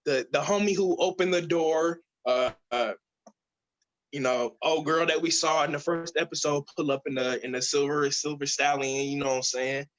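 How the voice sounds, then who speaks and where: A man's voice: fairly high pitch, fairly even intonation, normal speed, highs cut off. A man co-hosting a podcast in casual chat who jokes around and trails off into fillers. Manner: loose, joking, trails off with fillers. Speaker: podcast co-host.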